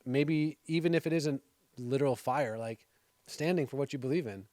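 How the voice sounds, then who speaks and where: A man of medium pitch hosts a faith-based interview show. He talks conversationally, with playful banter and easy restarts. His voice sounds close and dry. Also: normal speed, a little mellow, dry recording. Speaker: TV show host. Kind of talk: casual interview chat.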